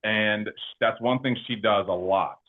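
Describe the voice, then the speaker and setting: A man's voice: lowish voice, unhurried. A man who owns an insurance agency, speaking as an interview guest over a call, in a coaching tone that keeps checking whether the listener follows. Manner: coaching tone, checks in with "okay?" and "makes sense?". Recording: tinny phone-like line.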